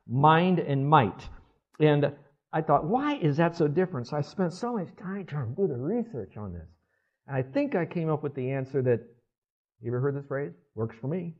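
A man in his sixties, a pastor, preaching a sermon in a conversational way and asking the congregation to respond. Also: a little high. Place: church service. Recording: dull lo-fi sermon recording.

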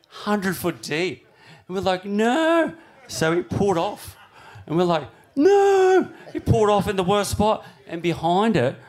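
A man telling a big-wave surf story in casual, swearing talk. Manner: animated, swearing, shouting out high during the story.

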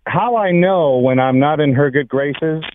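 A man calling in to a talk show and telling animated stories about accents. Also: fairly high pitch, a little slow, slight background noise. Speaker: caller. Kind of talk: phone-in storytelling. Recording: tinny phone line.

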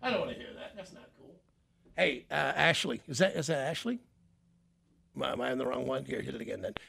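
A man's voice: medium pitch, expressive, fast talker, vocal fry, bright, forceful tone, husky. A man hosting a morning radio show, joking and teasing callers in rambling banter from the studio.

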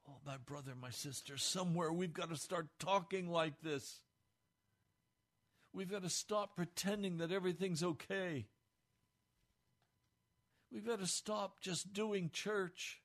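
A man's voice: sits high, a little slow, pauses often, a bit bright. A man preaching a sermon as pastor, earnest and blunt.

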